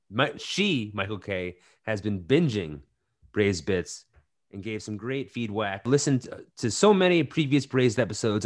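Lively, animated man joking around. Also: on the low side. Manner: playful teasing. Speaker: podcast co-host. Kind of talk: casual podcast banter.

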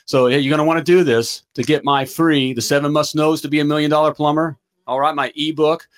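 An excitable man hosting a live plumbing business show, hyped up and stumbling over his words. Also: fairly high pitch, a little fast. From United States. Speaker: host of a plumbing business livestream.

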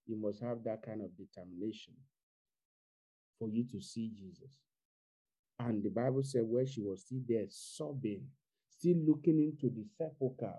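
A man's voice: lowish voice, normal speed, warm tone, slightly rough, rough recording. A man preaching an Easter sermon online, repeating his phrases and building to fervent exhortation. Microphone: online video call.

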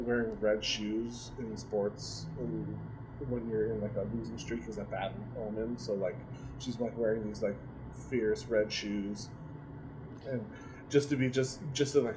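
A man's voice: lowish voice, steady tone, unhurried, noisy background. A man co-hosting a podcast, chatting casually with lots of fillers, swearing and laughter. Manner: rambling, filler-heavy, swears freely, laughs often. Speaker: podcast co-host. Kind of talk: casual chat recapping a sitcom.

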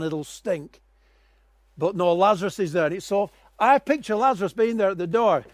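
A man preaching a sermon, telling stories dramatically and swinging from quiet, low passages to loud, raised ones. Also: no echo.

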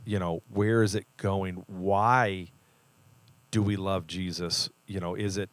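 Low-ish guy talking faith stuff, earnest, reflective, dry close sound. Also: steady tone, slow, no room sound. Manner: earnest, reflective, builds to emphatic points. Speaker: church leader and podcast co-host. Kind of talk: casual faith discussion.

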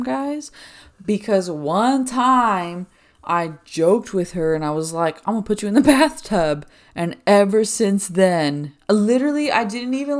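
A young woman with a low voice talks through a casual solo podcast episode. She rambles in a chatty way, dropping "like" constantly, and sounds a little out of breath. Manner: rambling, chatty, filler-heavy with frequent "like". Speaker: podcast host.

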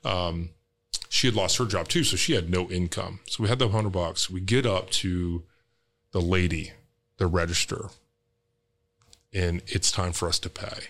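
A man's voice: low-pitched, fairly even intonation, unhurried, long pauses, fairly bright tone. A man, a real estate entrepreneur, candidly telling a personal story as a podcast guest, emotional and casually swearing.

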